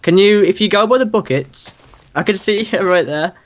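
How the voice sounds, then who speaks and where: A man's voice: sits high, moderate pace. A man from the UK, co-playing a game in laid-back casual chat, chuckling easily. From United Kingdom. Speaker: co-player. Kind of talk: casual let's-play chat.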